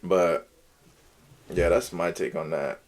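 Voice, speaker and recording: A man's voice: low voice, fairly even intonation, slow, darkish tone. A young man co-hosting a podcast in casual chat, laid-back and slangy, full of "like" and "bro". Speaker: podcast co-host.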